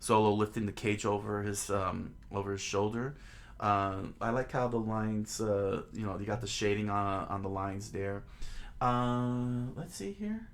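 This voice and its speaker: A man with a fairly low voice talks through a comic in relaxed, offhand commentary. His speech halts often, filled with ums, uhs and repeated starts as he gathers his thoughts. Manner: halting, full of ums and restarts. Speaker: comic reader and reviewer. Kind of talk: casual commentary.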